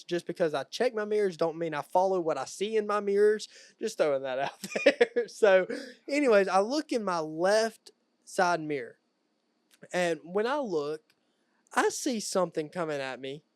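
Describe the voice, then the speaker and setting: A young man co-hosting a podcast, casual chat, animated storytelling with frequent laughs. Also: sits high, clear, resonant tone, no echo. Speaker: podcast co-host.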